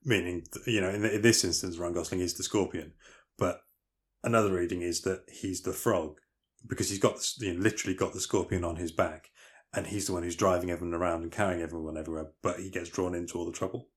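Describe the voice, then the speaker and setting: A man's voice: deep voice, steady tone, fast talker. A man co-hosting a casual film podcast, retelling movie scenes in detail with lots of fillers and restarts. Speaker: podcast co-host.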